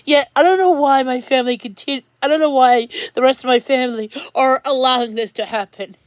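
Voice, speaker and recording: A woman with a high voice rants to her viewers, upset and near tears. She stops and restarts her sentences as she talks. The sound is dry and close. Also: brisk, no room sound. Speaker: vlogger. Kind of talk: emotional rant to camera.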